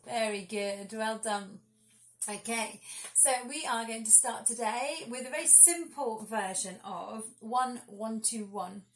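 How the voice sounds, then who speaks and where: A woman leading children through a singing warm-up, giving clear and encouraging instructions. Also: fairly high pitch, a little slow, a little hiss or hum. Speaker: singing teacher.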